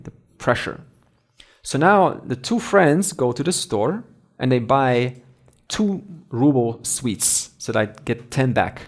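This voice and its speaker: A man teaching a spiritual lesson through a story, conversational and asking his listeners questions. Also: mid-range voice. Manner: conversational, asks the audience questions. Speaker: Vedanta teacher.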